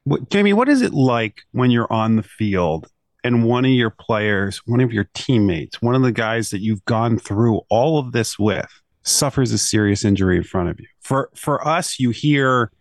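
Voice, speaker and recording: A man's voice: mid-range voice, expressive, unhurried, no echo, clean studio sound. A man hosting a sports talk show, asking thoughtful, long questions. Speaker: radio host.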